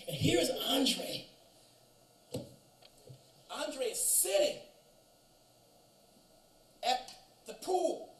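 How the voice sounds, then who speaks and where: Guy preaching a story in chapel, lively, acts out voices, echoey hall, faint background hum. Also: extremely high pitch. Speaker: chapel speaker. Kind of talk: storytelling sermon. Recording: roomy echo from distance, faint ambience.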